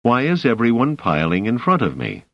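A man's voice: mid-range voice, sing-song, moderate pace, no echo, lo-fi sound, pitched above the performer's own voice. A man voicing a brusque, dry male mathematician.

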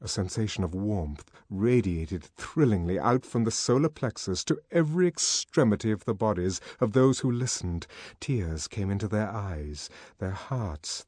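A man reading fiction aloud as a narrator, in a dramatic, expressive manner. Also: on the low side, dry recording, studio quality. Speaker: audiobook narrator. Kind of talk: scripted narration.

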